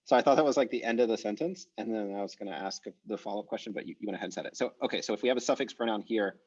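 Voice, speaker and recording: A man's voice: on the low side, very fast, darkish tone, slightly rough. A man teaching an online language class, speaking casually and thinking aloud as he works things out. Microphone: video call. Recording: dull, muffled video call audio.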